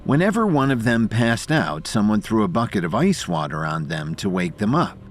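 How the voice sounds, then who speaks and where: A man's voice: fairly low pitch, big pitch swings, moderate pace, faint music behind. A man narrating an audio drama with dramatic storytelling.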